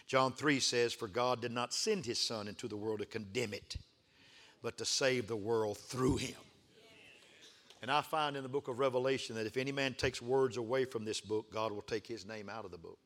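A male preacher with a bright, forceful voice delivers a sermon in a rolling, repetitive cadence. He swings between hushed, intimate passages and loud, fervent calls for the congregation to answer back. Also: medium pitch, normal speed. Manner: builds from hushed to fervent shouting with call-and-response.

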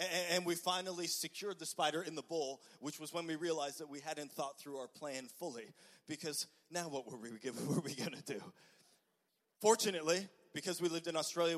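A young man preaches in an animated storytelling style, his voice sitting a little high for a man. He stumbles through quick restarts and keeps checking in with the crowd with "okay?". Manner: animated, frequent "okay?" asides, stammered restarts. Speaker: pastor. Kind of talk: storytelling sermon.

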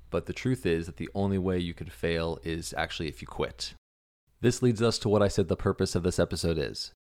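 A man's voice: sits low, darkish tone. A man hosting a motivational podcast, talking emphatically and bluntly, sometimes swearing for emphasis. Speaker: podcast host.

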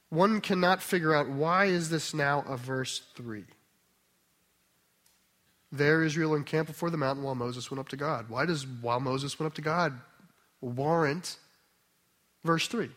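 A man with a somewhat high voice delivers a teaching sermon. He talks in a conversational, emphatic way and keeps checking that his listeners are following. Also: measured pace, pauses often, a bit bright. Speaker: pastor.

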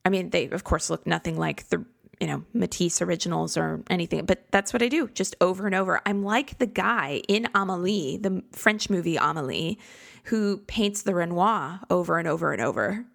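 A woman's voice: fairly low pitch, animated, normal speed, gravelly, fairly bright tone. A woman hosting a podcast, talking in a chatty, reflective and self-deprecating way from a home studio. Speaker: podcast host. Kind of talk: casual solo podcast talk. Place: home studio in a converted garage.

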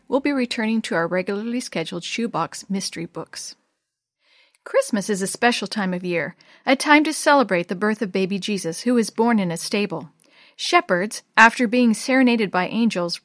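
A woman telling a story to children in a gentle, clear voice. Her delivery is unhurried and kind. The sound is close and dry, with no room echo. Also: mid-range voice, animated. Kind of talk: reading a story aloud to children.

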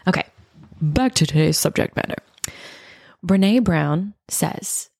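A woman in her thirties hosting a self-help podcast, talking in an earnest, gushing way and dropping into soft, breathy passages. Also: lowish voice, expressive, a little slow, pauses often, dry recording, clean studio sound. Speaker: podcast host.

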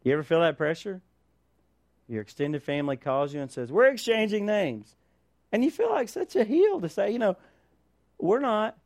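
Animated preaching man, high lively voice. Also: fairly quick, vocal fry, no echo, studio quality. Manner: animated, rhetorical questions, calls for amen. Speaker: pastor. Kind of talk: sermon.

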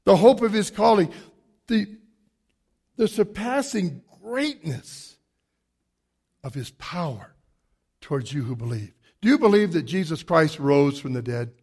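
A pastor delivering an emphatic, animated sermon full of rhetorical questions, moving around as he preaches to a church congregation. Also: on the high side, unhurried, long pauses, slightly rough. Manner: moves around a lot while preaching.

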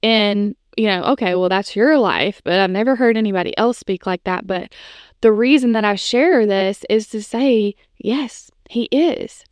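Her voice sits on the high side with a clean tone and no echo. A podcast host in her thirties, she shares a personal faith story casually, sprinkling in plenty of "like" and "you know."

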